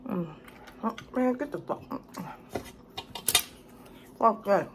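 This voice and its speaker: A woman's voice: medium pitch, takes it slowly, background noise. A woman doing a casual mukbang as a cooking vlogger, profane and chatty, calling the viewer "baby". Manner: loud, salty and profane, talks to the viewer as "baby". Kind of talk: casual mukbang eating commentary.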